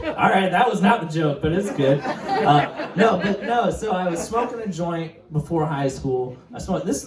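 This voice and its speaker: A man's voice: high voice, recorded from a distance. A young man doing a stand-up set, rambling and profane, laughing at his own stories. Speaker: stand-up comedian. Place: comedy club stage. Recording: roomy stage mic, heard from afar, audience. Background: crowd laughing.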